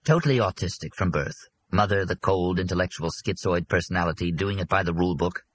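A man voicing a self-satisfied middle-aged psychiatrist who speaks in a measured, lecturing way in an audiobook. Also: low voice, slight background noise, natural voice.

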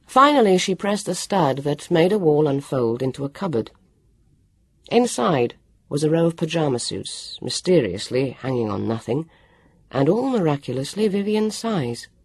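A woman narrating a children's novel with expressive storytelling. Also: low voice, normal speed, husky, dry recording. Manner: expressive storytelling, character voices. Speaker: audiobook narrator. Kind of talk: scripted narration.

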